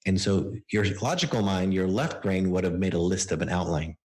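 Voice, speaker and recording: A man's voice: low voice, fairly quick, darkish tone. A man on a podcast interview, explaining his coaching process through stories and acted-out quotes from clients. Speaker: book coach guest.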